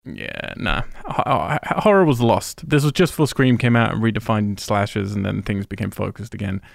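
A man's voice: lowish voice, lively intonation, normal speed, vocal fry, no echo. A British man with a London accent, chatting on a podcast and reeling off film credits with dry laughs. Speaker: podcast co-host. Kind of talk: casual chat.

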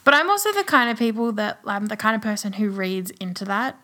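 A woman's voice: mid-range voice, a little fast, bright, forceful tone. A young adult woman co-hosting a podcast in casual chat, saying "like" constantly. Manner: says "like" constantly. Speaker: podcast co-host.

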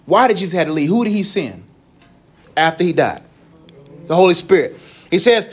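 Guy preaching real casual, kinda high voice, laughs a lot and keeps it chatty. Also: normal speed, long pauses. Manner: animated, conversational, laughs often. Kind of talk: casual sermon talk.

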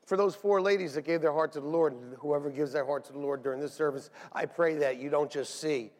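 A middle-aged man, a pastor, preaching a lively, joking sermon to his church. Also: on the high side, a little fast. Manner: animated, joking, shouts and laughs between points. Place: church sanctuary. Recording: long hall reverb.

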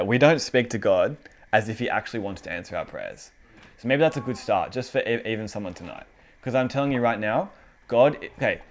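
A young man preaching a casual, conversational sermon with an animated delivery and lots of fillers. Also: on the low side.

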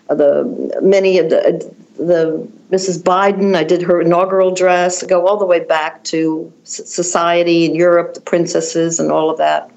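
Older woman telling animated stories. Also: on the low side, low-quality recording. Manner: animated, tumbling storyteller who often restarts her sentences. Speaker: fashion designer guest. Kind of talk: conversational storytelling.

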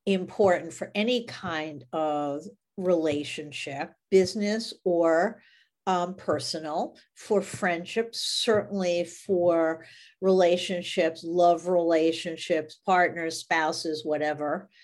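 A woman's voice: fairly low pitch, slow, darkish tone. A woman co-hosting a podcast, speaking emphatically and piling up examples with fillers along the way. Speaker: podcast co-host. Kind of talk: conversational podcast chat.

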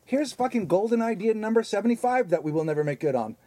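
A man co-hosting a podcast, swearing a lot and telling crude jokes in loud, animated banter. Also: high voice, fast, heavy background noise. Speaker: podcast co-host.

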